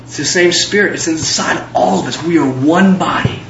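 High-pitched guy preaching hard, repeats lines to build it up, echoey room, kinda dull sound. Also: normal speed, slight background noise. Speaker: pastor. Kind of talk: sermon.

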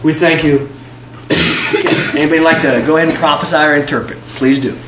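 A man's voice: a little high, steady tone, moderate pace, heavy background noise. A man preaching a fervent sermon as pastor, building up with repeated lines. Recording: echoey, dull room recording.

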